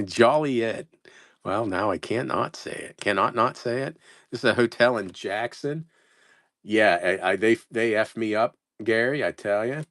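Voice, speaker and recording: A man's voice: on the low side, no echo. A man running a casual live sales stream, reading out place names and stumbling over how to say them, self-mocking. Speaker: live-stream postcard seller.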